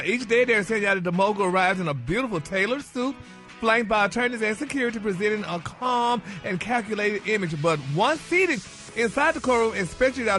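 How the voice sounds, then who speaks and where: A man's voice: high-pitched, a bit bright. A man reading celebrity gossip on morning radio, dropping "y'all" and "honey" into every phrase.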